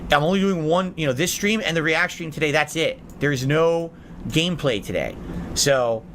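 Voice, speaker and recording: Against a noisy background, a man hosting a live-stream podcast chats casually with viewers, reading their messages aloud and answering with blunt sarcasm. His voice is on the high side, and he talks at a normal speed.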